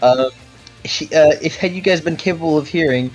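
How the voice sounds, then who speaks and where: A man's voice: a little high, moderate pace, faint music behind. A man narrating a tabletop game as game master, loose and rambling, with lots of fillers and swearing.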